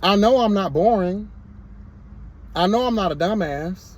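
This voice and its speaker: A man's voice: high-pitched, expressive, a little slow, a little mellow. A man vlogging his commentary in a sassy, emphatic rant, full of repeated exclamations. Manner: sassy, emphatic, repeats "girl" and "hello, God". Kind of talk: candid to-camera rant.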